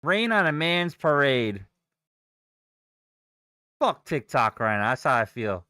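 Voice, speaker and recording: A man's voice: medium pitch, sing-song, slow, bright, forceful tone, clear, resonant tone, dry recording, clean studio sound. A young man livestreaming his day trading, cursing and venting in exasperated outbursts. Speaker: day trader streaming live. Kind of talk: live trading stream, frustrated ranting.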